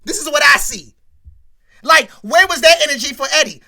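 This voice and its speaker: Male comic host, animated storyteller, high and bright. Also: normal speed. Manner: animated, exclamatory, repeats lines for effect. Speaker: comedic show host. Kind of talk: comedic storytelling rant.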